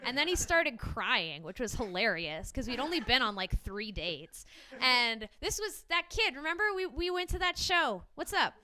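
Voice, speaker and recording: A woman's voice: sits high, very animated, moderate pace, few pauses, sharp tone, a little hiss or hum. A young woman doing a stand-up comedy set before a small live audience, chatty and self-deprecating with frequent ums and laughs.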